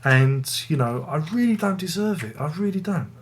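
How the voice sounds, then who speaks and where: A man's voice: fairly high pitch, lively intonation, moderate pace, slight background noise. A man hosting a casual music review video, rambling and joking at his own expense. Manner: rambling, jokey, self-mocking.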